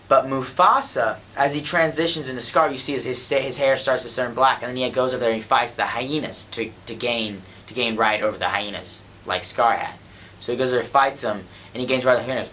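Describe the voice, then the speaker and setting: Excitable young man retelling a story. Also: medium pitch. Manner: excited, restarts often, acts out gasps. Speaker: student. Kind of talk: animated storytelling.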